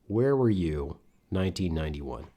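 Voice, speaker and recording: A man's voice: low-pitched, animated, moderate pace, mellow. A middle-aged man from Michigan hosting a casual podcast, rambling and joking with plenty of swearing. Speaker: podcast host. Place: home studio.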